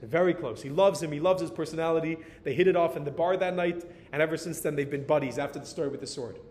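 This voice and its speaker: American man telling a sermon story. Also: fast. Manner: animated storyteller dropping in Hebrew and Yiddish words. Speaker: Torah teacher. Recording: reverberant hall with faint rumble.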